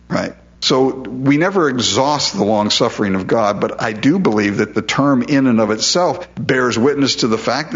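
A man's voice: mid-range voice, fairly bright tone, highs cut off. A male pastor preaching a sermon in a conversational way, often repeating words as he stresses a point.

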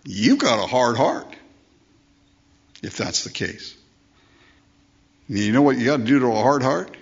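A pastor with a mid-range, animated voice preaches a little slowly in a conversational sermon. He throws out rhetorical questions and voices the people he quotes. The recording sounds dull and lo-fi.

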